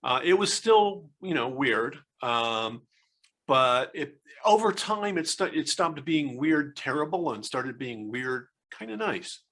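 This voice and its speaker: A man's voice: medium pitch, animated, slow, a bit bright. An American man in his sixties, a guest telling stories in a casual interview, rambling and hesitant with many fillers and restarts. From United States.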